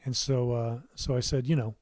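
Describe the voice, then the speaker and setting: Speaking at a normal speed with a flat delivery, this middle-aged American man has a mid-range voice and a recording with no echo. He rambles through a casual livestream from his recording studio, full of warm asides, fillers and restarts.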